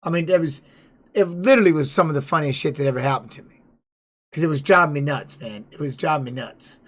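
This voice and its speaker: A man's voice: a little high, fast talker. A middle-aged man, a former fighter, swearing freely as he tells a rambling story on his live stream. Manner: profane, animated retelling.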